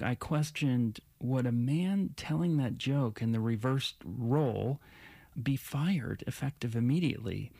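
A man's voice: medium pitch, animated, gravelly, a little mellow, no room sound. Dry-sounding male interviewer asking questions. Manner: measured, telling a story to set up a question.

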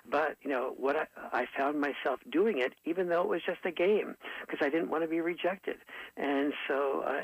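A man who wrote a book, answering interview questions in a thoughtful way, often pausing with fillers and restarting his sentences. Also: mid-range voice, vocal fry, breathy edge, dry recording, rough recording. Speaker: author and interview guest.

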